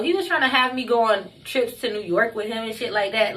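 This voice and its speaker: A woman's voice: a little high, normal speed, hardly any pauses, a bit bright. A young woman telling a story on her vlog, blunt and emphatic, cursing constantly. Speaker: vlogger.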